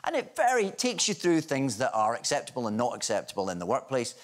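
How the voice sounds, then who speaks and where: A man's voice: medium pitch, huge pitch swings, fast talker. A Scottish man telling a rambling, incredulous anecdote as a guest on a TV chat show.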